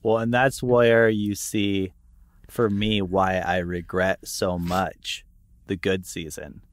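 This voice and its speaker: A man's voice: low voice, little pitch movement, slow pace, slight background noise. A man co-hosting a podcast, speaking in an earnest, self-reflective way. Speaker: podcast co-host. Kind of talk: reflective conversational talk.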